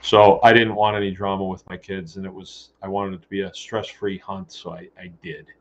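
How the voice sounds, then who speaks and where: A man's voice: low-pitched, flat delivery, brisk. A man hosting a casual talk show, speaking in a blunt, joking and rambling way. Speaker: host. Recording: dull lo-fi recording.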